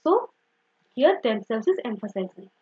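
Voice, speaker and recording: A woman's voice: fairly high pitch, very animated, normal speed, warm tone, slightly rough, muffled recording. A woman teaching an online grammar lesson, explaining step by step and often saying "simple" and "okay".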